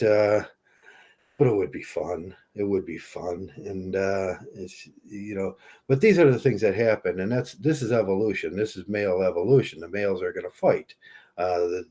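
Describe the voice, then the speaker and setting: Husky low-voiced man rambling. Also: a little mellow. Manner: halting, many restarts and fillers. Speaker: vlogger. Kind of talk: rambling opinion monologue.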